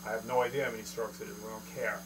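A man's voice: lowish voice, flat delivery, rapid-fire. A man teaching a drum lesson in a casual, joking, self-deprecating way, counting strokes aloud. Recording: noisy room with mains hum and drums.

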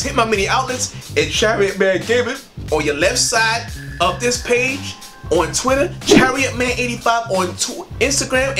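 A man hosting a gaming channel, ranting angrily with lots of cursing, loud outbursts and drawn-out sing-song emphasis. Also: sits high. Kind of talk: profane ranting vlog. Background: music.

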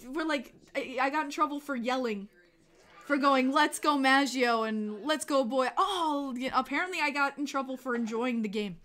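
A woman hosting a casual livestream, excitable and chatty, laughing often and swearing casually. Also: high-pitched. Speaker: livestream host.

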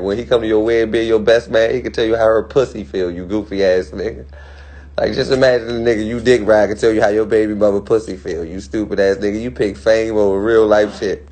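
Man from DC, gravelly and husky, doing a heated profane phone livestream rant. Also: fairly low pitch, darkish tone.

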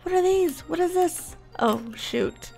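A woman's voice: very high voice, expressive, slow, vocal fry, darkish tone, faint music behind. A young woman giving casual, bubbly gameplay commentary, gushing and gasping as she explores. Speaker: gaming YouTuber.

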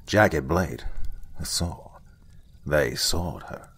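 A man playing an older, blunt forensic investigator who lectures in short, curt sentences with a husky voice. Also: rumbling low, extremely slow, a bit bright, full character voice. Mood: curt, lecturing. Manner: blunt, curt, lecturing, some lines whispered. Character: gruff veteran male forensic investigator, blunt.

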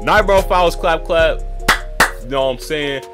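A young man playing a horror game and commenting in a slangy, excitable way, yelling whenever he gets scared, with game music under his voice. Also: on the high side, moderate pace. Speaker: gaming YouTuber.

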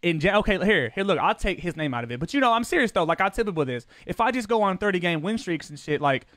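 A man's voice: high-pitched, sing-song, fast talker, fairly bright tone, no echo. A man streaming a football video game, chatting casually with his viewers in loose, profane slang, his voice jumping up when he gets defensive. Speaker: gaming streamer.

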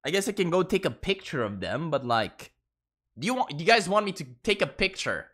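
Brief: male streamer, swings all over in pitch, swears and laughs while chatting at his desk mic. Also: sing-song, a little fast, a bit bright. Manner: profane, laughing, easily sidetracked. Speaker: gaming streamer. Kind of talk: casual livestream commentary.

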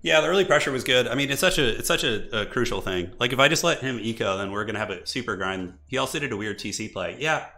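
A man with a hoarse voice from a cold, commentating his own live gameplay and chatting with viewers as he plays. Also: mid-range voice, lively intonation, quick pace, few pauses, bright, forceful tone. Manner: chatty, thinking aloud, answering viewers. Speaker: game streamer.

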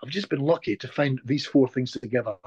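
A man's voice: medium pitch, brisk, a little mellow, husky, dry recording, highs cut off. A Scottish man, a hypnotist guest, telling a moving personal story in conversation and repeating words when he gets emotional. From Scotland.

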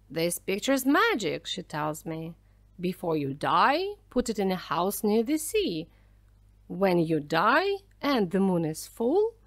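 A woman voicing a proud male ghost pirate who tells his story loudly and slowly, in a dry, close recording. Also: mid-range voice, dry recording.

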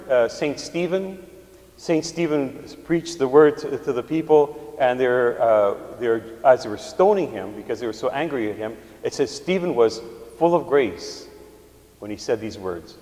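A man preaching a sermon as a priest, teaching slowly with pauses and restarts. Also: mid-range voice, warm tone. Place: church. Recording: echoey church hall.

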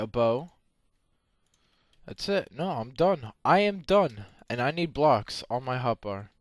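A young man giving game commentary, excitable, often yelping and screaming when in danger. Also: medium pitch, no room sound. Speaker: gameplay commentator.

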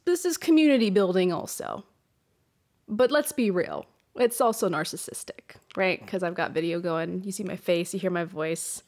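A young woman hosts a podcast in a casual confessional monologue, blunt and unfiltered, swearing freely and often restarting her phrases. Her voice sits at an everyday middle pitch and comes through a hot, close microphone. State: emotional, runny nose. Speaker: podcast host. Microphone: hot close mic.

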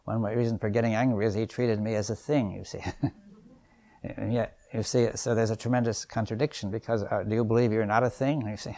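A man's voice: fairly low pitch, fairly even intonation, fairly quick. A man in his seventies leading a seminar, thinking aloud and often checking in with his listeners. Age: 70s. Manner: thoughtful, musing, keeps checking in with "right?" and "you see"; chuckles softly between points. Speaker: seminar leader. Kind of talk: unscripted seminar lecture.

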